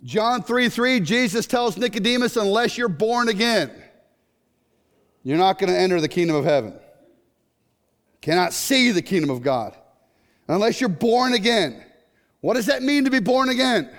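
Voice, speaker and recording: A middle-aged man preaching a sermon, animated and jokey, breaking into sudden shouts. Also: sits high, moderate pace, long pauses. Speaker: pastor. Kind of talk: sermon with comic stories. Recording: long hall reverb.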